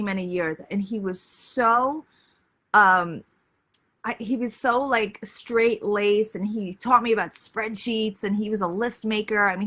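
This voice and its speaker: A woman in her thirties chatting casually on a live video, hoarse and losing her voice, full of likes and ums. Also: mid-range voice, fairly bright tone. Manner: chatty, peppered with "like" and "um". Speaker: lifestyle vlogger. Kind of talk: casual Facebook Live chat.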